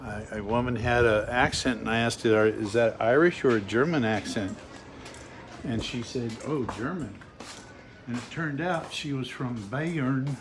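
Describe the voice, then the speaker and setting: A man's voice: mid-range voice, measured pace, noisy background. A man hosting a casual walking vlog outdoors along a waterfront, giving chatty, joking tour-guide commentary. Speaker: vlog host.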